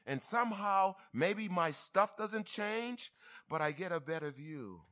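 A bishop preaching a lively church sermon, who talks back and forth with the congregation. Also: male voice, a little high, takes it slowly. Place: church service.

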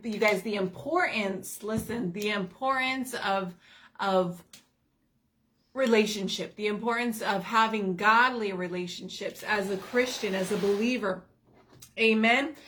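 A woman co-hosting a faith livestream, chatting casually, greeting viewers and laughing often, with her voice going a little hoarse. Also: a little high, fairly bright tone. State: losing her voice.

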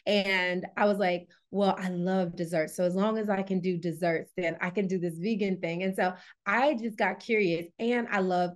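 A woman guest on a podcast, a wellness coach, telling stories in a lively, chatty way with many fillers. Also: on the low side, normal speed, hardly any pauses. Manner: lively storyteller, laughs often, many fillers. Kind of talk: casual interview chat.

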